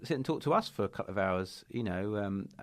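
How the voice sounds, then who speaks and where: A man co-hosting a podcast in casual chat, earnest and hesitant, with many pauses and ums. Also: lowish voice, animated, no echo. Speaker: podcast co-host and children's author.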